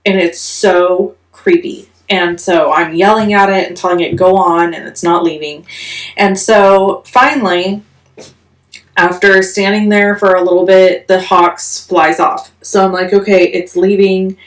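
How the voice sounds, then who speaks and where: A woman vlogger telling a story in a casual, animated, self-mocking way. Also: fairly low pitch, unhurried, echoey room, distant mic. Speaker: crafting vlogger.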